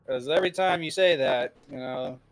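A man's voice: on the high side, moderate pace, music in the background. A young man gaming with a friend, teasing him with dry, crude jokes. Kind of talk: casual gaming banter.

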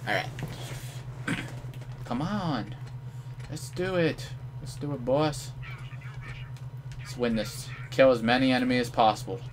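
Young male gamer, live commentary, unhurried delivery, mid-pitched, playful trash talk, sudden yells. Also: noisy background.

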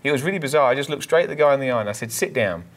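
Fast-talking man telling a testimony. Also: medium pitch. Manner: animated storyteller, repeats words when excited. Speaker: minister and co-host. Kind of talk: conversational preaching, testimony.

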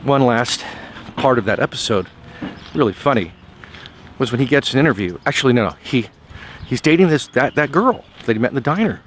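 A man's voice: mid-range voice, expressive, brisk, long pauses, slight background noise. A man casually telling a story in a motivational vlog while out on a walk, often repeating words as he goes. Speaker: vlogger. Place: outdoors on a walk.

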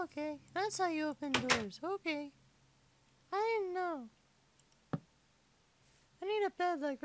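A performer voicing a squeaky little kid gamer who chatters and complains while playing. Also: slight background noise, heavily acted. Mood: excitable. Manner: chatty, complains to itself, mumbles while sorting items. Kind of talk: game playthrough commentary in character.

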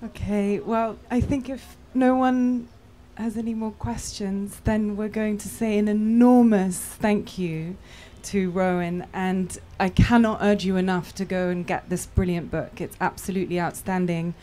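A woman's voice: mid-range voice, fairly even intonation, a little slow, few pauses, dark tone. A woman hosting an outdoor bookshop event, thanking her guest in an effusive way. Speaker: event host. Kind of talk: closing remarks.

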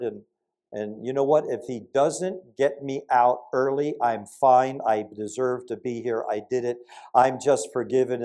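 Here an older man delivers a sermon at medium pitch. He tells his stories with animation, breaking into abrupt loud bursts and then dropping to hushed asides.

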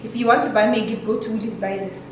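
A woman's voice: a little high, racing. A South African woman vlogging at home, chatty and emotional as she shows her gifts. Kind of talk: casual vlog chat. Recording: echoey room, mic at a distance, steady noise.

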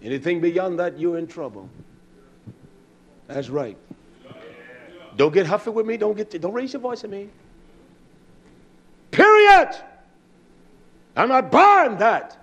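A man preaching a sermon, swinging between raised shouting passages and low, confiding asides to the congregation. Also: animated, moderate pace, long pauses, breathy edge, muffled recording.

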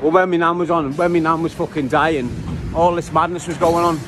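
Man, Liverpool accent, high voice, casual city-tour vlog, swears a lot, loud outdoor street noise. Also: steady tone, a little fast. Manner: chatty, swears freely, talks straight to the viewers. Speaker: vlogger giving a city tour.

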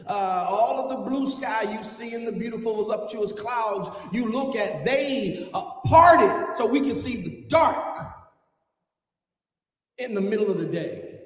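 A man preaching a sermon, swinging from quiet asides to shouted, animated climaxes. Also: extremely high pitch. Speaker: pastor. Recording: echoey church hall, mic from far off.

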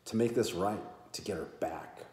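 A man's voice: deep voice, normal speed, darkish tone, lightly acted. A man reading a blunt, prodding woman friend. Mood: firm. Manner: firm, prodding questions. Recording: roomy echo.

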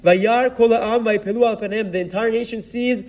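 A rabbi with a high voice retells a Bible story as a sermon, weaving Hebrew words and verses into his English telling. His voice is picked up from some distance from the microphone. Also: steady tone, normal speed, a little mellow. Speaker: rabbi giving a Torah talk.

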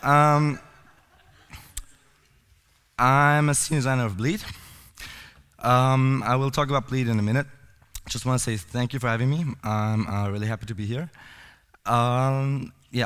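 Hoarse man speaking in a cinema hall. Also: mid-range voice, fairly even intonation, normal speed, long pauses, a bit bright. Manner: rambling, many fillers and restarts. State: hoarse from a cold. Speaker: conference speaker. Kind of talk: casual conference talk.

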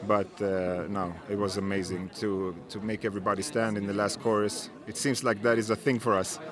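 A man's voice: lowish voice, level tone, a little fast. A Swedish man, a pop singer, chatting in an interview, now and then searching for English words. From Sweden. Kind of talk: casual interview chat. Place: outdoors at an arena. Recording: crowd noise behind.

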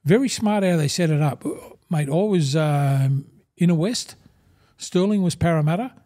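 An Australian man in his sixties spins yarns in a relaxed interview, his tone dark and mellow yet pitched a little high. He leans into quoted dialogue, calling everyone "mate". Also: moderate pace. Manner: animated yarn-spinner, acts out quoted dialogue, says "mate" constantly. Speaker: guest, former rugby league player and broadcaster. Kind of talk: casual interview storytelling.

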